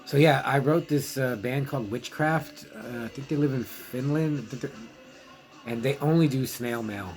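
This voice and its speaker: A man's voice: medium pitch, normal speed, darkish tone, faint music behind, poor audio. A man talking casually and hesitantly, rambling with fillers and restarts as he chats and reads out letters from fans. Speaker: zine editor reviewing movies. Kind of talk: casual vlog monologue, reading fan letters.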